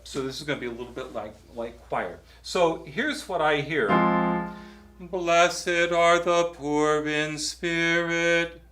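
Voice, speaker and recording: A man leading a workshop on psalm chanting in a church, chatty and halting, with many fillers and restarts as he coaches singers. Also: medium pitch, fairly bright tone, echoey room. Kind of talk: teaching a choral workshop.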